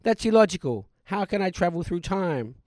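A man's voice: sits high, big pitch swings, moderate pace, darkish tone, no room sound. A man voicing a bitter, miserly old man who grumbles indignantly, in a comic stage play.

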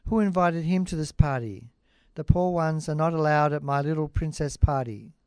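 A man's voice: a little high, normal speed, darkish tone, clean tone, no room sound, studio quality, close to an everyday voice. A man playing a stubborn fairy-tale king.

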